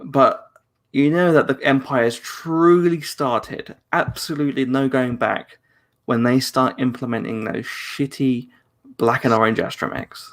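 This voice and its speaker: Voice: mid-range voice, steady tone, measured pace. A British podcast co-host in casual live chat, talking in rambling restarts and laughing often. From Britain.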